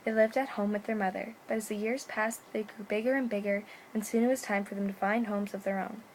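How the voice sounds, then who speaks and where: A woman reading a bedtime story aloud at home, at a slow, gentle pace. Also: mid-range voice, fairly even intonation, slight background noise.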